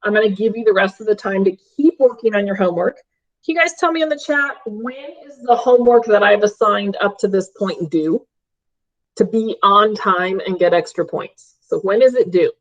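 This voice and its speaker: Over dull, lo-fi stream audio, a woman teaches math live online from home in a mid-range voice at a moderate pace. She is upbeat and frequently checks in on her students.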